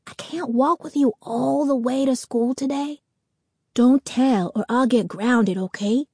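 A secretive fifth-grade boy, hushed and urgent, his voice pitched up high, as a woman reads him in an audiobook. The sound is dry and close. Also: expressive, normal speed, no echo. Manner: hushed and urgent when whispering.

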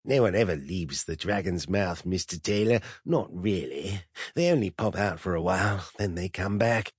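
A man voicing an ageless, sinister drug-den host who speaks in a breathy, falsely hearty voice, slow and coaxing. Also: low voice, no room sound, studio quality. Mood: wheedling. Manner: silky, wheedling, slow and coaxing. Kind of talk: audiobook character voice.

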